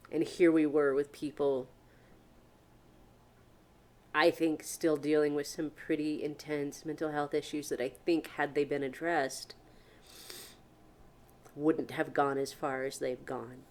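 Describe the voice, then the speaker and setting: A woman hosting a solo podcast, talking earnestly and frankly, posing many questions and swearing casually. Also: sits low. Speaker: podcast host. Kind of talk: reflective solo podcast monologue.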